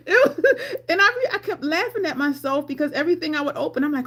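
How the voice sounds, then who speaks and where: A middle-aged woman telling personal stories casually on a live stream. She is animated, laughs often, and acts out her own lines. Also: sits high, moderate pace. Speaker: livestream storyteller.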